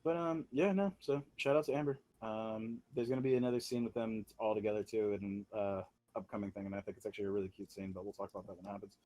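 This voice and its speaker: A man co-hosting a podcast, in relaxed casual chat that is full of fillers. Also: fairly low pitch, fast talker. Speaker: podcast co-host.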